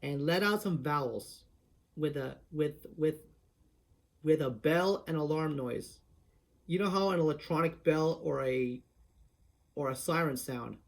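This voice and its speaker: Guy doing a voice impression tutorial, kinda high voice, chatty, lots of restarts. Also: measured pace, creaky, pauses often. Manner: restarts often, chatty, explains step by step. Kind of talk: casual tutorial talk.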